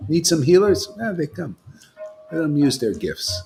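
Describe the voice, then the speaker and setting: A man with a low voice gives a loose, informal devotional talk as a monk leading a gathering. He rambles and keeps checking in with his listeners, while clear instrumental music plays behind him. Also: animated, moderate pace. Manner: rambling, keeps asking listeners "you know?".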